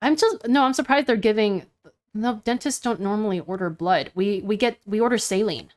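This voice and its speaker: A woman chatting casually, excitable and quick to jump in with questions. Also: medium pitch. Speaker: co-host listener. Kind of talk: casual chat.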